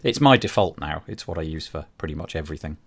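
A man hosting a podcast in a relaxed, chatty way. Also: extremely low pitch, fast talker, creaky, breathy edge. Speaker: podcast host. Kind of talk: casual podcast chat.

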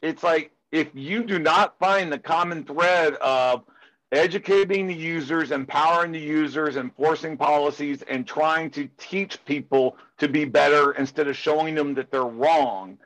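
A man's voice: a little high, a little slow, fairly bright tone, poor audio. A man who speaks at security conferences, chatting casually in an interview and drifting into passionate, rambling rants full of "it's like.". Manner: heavy filler use of "it's like".

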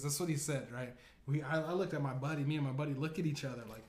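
A man's voice: fairly high pitch, quick pace, few pauses, a little mellow. A man hosting a podcast, telling a comedic story in a crude, rambling, casual way full of fillers. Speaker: podcast host. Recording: roomy echo.

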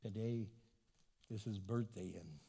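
A man preaching a sermon as pastor, animated and acting out the voices of people he quotes. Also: fairly low pitch, a little slow, breathy edge. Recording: long hall reverb.

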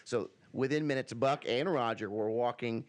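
Podcast host, man, mid-pitched, reads a story aloud in a casual tone. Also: moderate pace.

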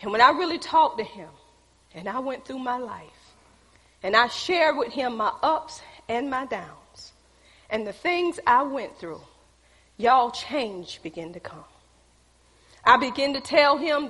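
High-voiced woman preacher, animated. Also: slow, pauses often, breathy edge, in a large hall. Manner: animated, acting out quotes, addressing the crowd. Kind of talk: sermon testimony storytelling.

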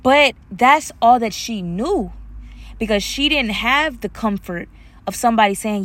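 A woman's voice: a little high, expressive, a little slow, fairly bright tone. A woman hosting a solo podcast with an African American English accent, talking casually and animatedly, slipping into playful voices when quoting others. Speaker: podcast host.

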